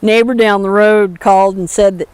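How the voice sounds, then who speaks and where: A man's voice: high voice, steady tone, moderate pace, clean tone, no echo, voice pushed down, close to an everyday voice, poor audio. A woman voicing an easygoing older male feedlot boss who talks in a dry, joking way, as part of a spoken story. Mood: amused.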